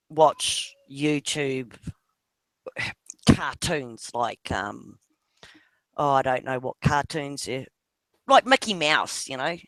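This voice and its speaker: A man's voice: on the high side, fairly bright tone, clean tone, dry recording. A man with a New Zealand accent chatting casually with a friend on a video call, laughing often and swearing offhandedly while talking about his kids. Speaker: father. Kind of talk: casual chat on an online video hangout.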